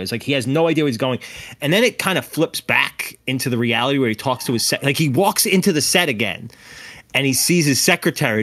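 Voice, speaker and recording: A man's voice: medium pitch, fairly bright tone. A man hosting a podcast, chatting loosely, swearing freely and recapping a plot with acted-out asides. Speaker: podcast host. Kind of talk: casual chat.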